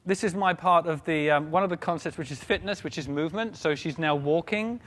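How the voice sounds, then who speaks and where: A man giving a conference keynote on a stage, animated and joking with the audience. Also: on the high side, a little fast, a little hiss or hum. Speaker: keynote speaker. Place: large conference hall stage. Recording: long reverb of a large hall.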